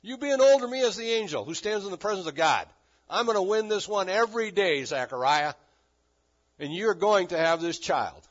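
A man voicing a confident male angel messenger who speaks forcefully and insistently in a sermon retelling. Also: high-pitched, expressive, normal speed, pitched above the performer's own voice. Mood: triumphant. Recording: dull lo-fi recording.

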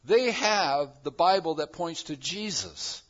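A man preaching a sermon as pastor, moving between quiet reflective passages and loud, emphatic declarations. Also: fairly high pitch, animated, takes it slowly, dull audio.

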